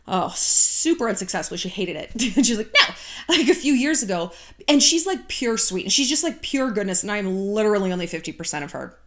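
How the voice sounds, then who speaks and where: A woman in her thirties giving blunt, sarcastic dating advice to camera, swearing freely and slipping into mock voices. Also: mid-range voice. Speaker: YouTube dating advice host. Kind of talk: casual advice monologue to camera.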